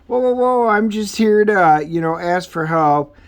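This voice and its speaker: A man's voice: fairly high pitch, fairly even intonation, a little slow, lightly acted. A man voicing a young male student activist, hesitant and full of fillers, while reading comic dialogue aloud. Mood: flustered.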